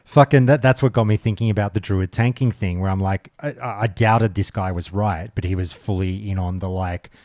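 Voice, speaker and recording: A man hosting a casual podcast chat, telling stories as an animated rant full of swearing. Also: fairly low pitch, brisk, few pauses, dry recording, clean studio sound. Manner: swearing, animated ranting storyteller. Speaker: podcast host.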